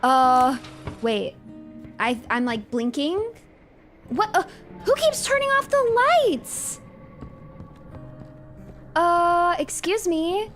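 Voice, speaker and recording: A woman's voice: very high-pitched, lively intonation, drawn-out words, pauses often, fairly bright tone, soft background music. A young woman streaming a game, chatting casually and exclaiming in flustered bursts.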